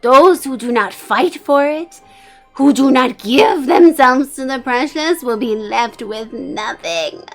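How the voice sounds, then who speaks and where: A woman voicing a scheming male Gollum-like bishop, who preaches a sermon in a drawn-out, hissing, wheedling way. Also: on the high side, expressive, soft background music. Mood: preaching. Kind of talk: fire-and-brimstone sermon role-play.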